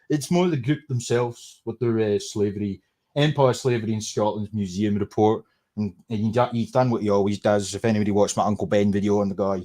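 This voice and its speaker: A man's voice: mid-range voice, darkish tone. A Scottish man hosting a casual livestream, ranting sarcastically and swearing freely. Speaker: livestream host.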